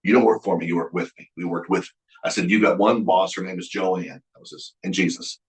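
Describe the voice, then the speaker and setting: A deep-voiced middle-aged man teaches at a Bible college, folksy and earnest, stumbling into restarts as he acts out old conversations. His low voice carries around an echoey room. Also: steady tone, brisk. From Oklahoma. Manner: folksy, earnest, with frequent restarts and quoted dialogue. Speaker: guest speaker at a Bible college. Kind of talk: sermon-like leadership lecture with storytelling.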